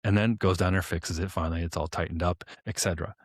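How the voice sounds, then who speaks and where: A man with a lowish voice talks quickly in a casual podcast explanation. He tells a story by acting out both sides of a conversation, with plenty of informal fillers. The recording is dry and close, with little room sound. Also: fairly even intonation, husky, no room sound. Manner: informal, many "like" fillers and restarts. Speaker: podcast co-host.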